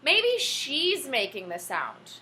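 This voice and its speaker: A woman's voice: high voice, slow, heavily acted. A woman voicing an eager young girl while reading a storybook aloud. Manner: expressive read-aloud voice.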